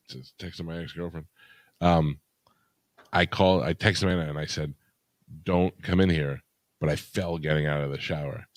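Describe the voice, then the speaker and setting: Very deep-voiced self-mocking man. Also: fairly even intonation, normal speed, long pauses, dry recording. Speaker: podcast co-host. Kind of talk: casual comedic chat.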